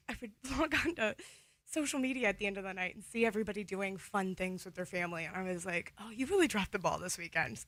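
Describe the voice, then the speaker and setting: A woman's voice: mid-range voice, a bit bright, no room sound. A young woman from the Toledo area, co-hosting a morning radio show in casual chat, getting emotional and laughing through tears. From Toledo, Ohio area. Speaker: radio co-host. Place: radio studio. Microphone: studio microphone.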